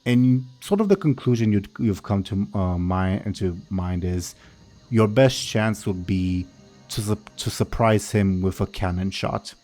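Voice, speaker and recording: A man narrating a tabletop game as game master, explaining rules step by step in a measured way. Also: on the low side, a little mellow, soft background music.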